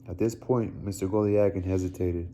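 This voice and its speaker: A man reading a novel aloud, steady with occasional slips and restarts. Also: low-pitched, normal speed, slight background noise. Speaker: reader. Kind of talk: read-aloud book narration.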